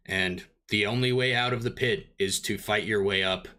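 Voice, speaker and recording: A man running a tabletop role-playing game, narrating scenes in a loose way full of small fillers. His voice is low-pitched but bright and forceful. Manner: relaxed, halting narration with many fillers. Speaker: game master.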